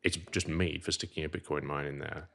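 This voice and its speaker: Middle-aged man, posh English accent, very deep voice, rambling storyteller, podcast guest. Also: steady tone, fairly quick, gravelly, bright, forceful tone. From Zimbabwe. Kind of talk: casual interview chat.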